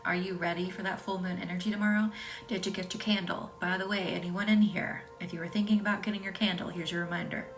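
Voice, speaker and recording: A woman with a Midwestern accent, hosting a live reiki session, chatting and reading out viewer comments, sometimes dropping into a soft whisper. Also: medium pitch, level tone, fast. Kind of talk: live-stream chat with viewers. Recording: distant mic with faint music behind.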